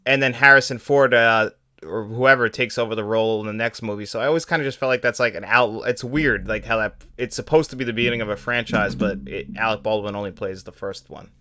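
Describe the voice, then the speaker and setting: A man co-hosting a podcast, chatting casually about movies, animated and laughing often as he trails off and restarts. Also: lowish voice, fast talker, clear, resonant tone. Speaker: podcast co-host. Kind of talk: casual film chat.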